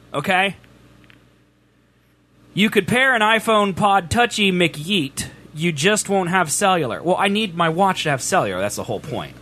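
A man in his thirties co-hosting a livestream, joking and laughing as he chats with a friend and reads viewer messages. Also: a little high. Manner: joking, animated, quick laughs. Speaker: streamer co-host. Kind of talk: casual livestream banter.

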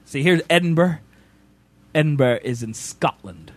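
Animated, lively-voiced American man chatting. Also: fairly high pitch, fairly quick, no room sound. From United States. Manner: rambling, animated, joking. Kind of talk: casual chat.

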